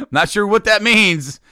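A man's voice: high-pitched, sharp tone, dry recording. Podcast host, male, chatty and meandering, dry recording. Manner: rambling, many restarts and fillers. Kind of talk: casual chat.

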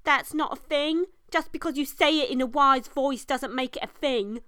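A woman's voice: high-pitched, normal speed, pushed and bright, no echo, studio quality. A woman voicing a ditzy, vain goddess of love with an airy, slangy valley-girl drawl. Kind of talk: comedy audio sketch.

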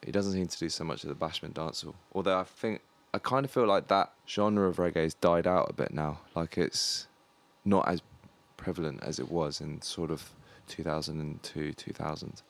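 A man's voice: rumbling low, normal speed. A man hosting a casual conversation, asking friendly, easygoing questions with plenty of fillers. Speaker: podcast host.

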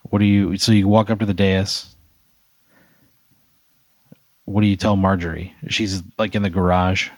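Low-voiced man spinning a rambling hypothetical. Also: little pitch movement, moderate pace, no room sound. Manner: narrates in second person, loose and rambling with fillers. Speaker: host. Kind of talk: improvised hypothetical storytelling.

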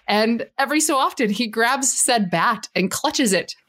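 A woman's voice: fairly high pitch, animated, moderate pace, fairly bright tone. Chatty woman podcast host. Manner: laughs often, chatty and rambling. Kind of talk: casual chat.

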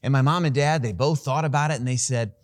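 A man preaching a sermon who tells a personal story in an animated, self-deprecating way and laughs at himself. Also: mid-range voice, fast, no echo. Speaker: pastor.

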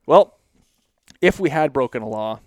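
A man telling a story on a casual podcast, animated, laughing often and restarting his sentences. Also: mid-range voice, normal speed, dry recording, studio quality.

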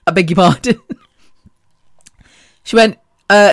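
A woman's voice: medium pitch, takes it slowly, long pauses, dry recording. A woman in a middle register talks straight into the mic, with a dry, close sound and no room around her. She rambles cheerfully from one story to the next, laughing often as she goes. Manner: chatty, laughs often, animated and digressive. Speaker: podcast host.

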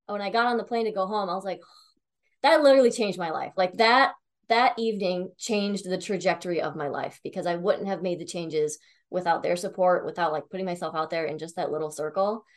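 A woman's voice: on the low side, brisk. A young woman telling a personal story in a casual, chatty way, full of "like" and "um", with the odd swear. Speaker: tarot reader.

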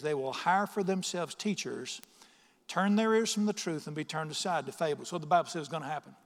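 A middle-aged man preaching a sermon as pastor, reading scripture slowly and questioning his congregation with emphasis. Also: fairly high pitch. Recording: long reverb of a large hall.

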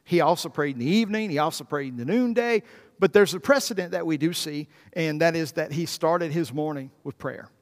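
Male pastor, high voice, dynamic preaching from hush to loud, echoing sanctuary. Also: a little fast. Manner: animated preaching, swinging from hushed to loud. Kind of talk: sermon. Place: church sanctuary. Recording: long reverb in a church hall.

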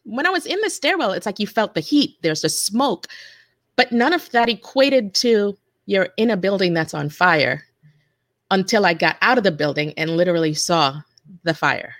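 A woman's voice: medium pitch, animated, fairly bright tone, no echo, studio quality. Earnest woman recounting a hard memory. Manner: earnest, halting storytelling with restarts. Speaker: interview guest. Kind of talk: personal testimony in conversation.

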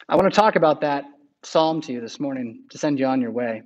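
A male pastor preaching a sermon in an earnest manner that builds to fervent, near-shouting passages. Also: medium pitch, lively intonation, a little fast, dull audio.

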